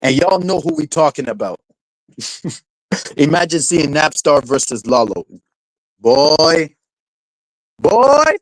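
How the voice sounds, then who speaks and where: A man's voice: a little high, animated, a little slow, long pauses, no echo, rough recording. A man streaming live, ranting in a rambling way, repeating words, filling gaps with "like" and "you know", swearing casually and laughing often. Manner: rambling, repeats words, heavy fillers like 'like' and 'you know'. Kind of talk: rambling livestream rant.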